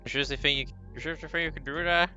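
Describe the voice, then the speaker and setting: A man voicing a stressed, pleading middle-aged male magazine editor in a high, whiny voice while reading a game aloud. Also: huge pitch swings, moderate pace, creaky, fairly bright tone, exaggerated voice. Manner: high-pitched, whiny, plaintive. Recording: slightly dull lo-fi stream audio with faint music.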